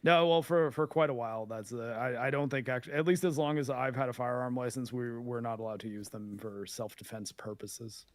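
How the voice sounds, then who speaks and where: A man's voice: medium pitch, steady tone, brisk, hardly any pauses, dry recording. A man from Canada with a mid-range voice talks casually as a podcast guest on a dry, close mic. He laughs often and hedges and restarts his points. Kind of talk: casual chat.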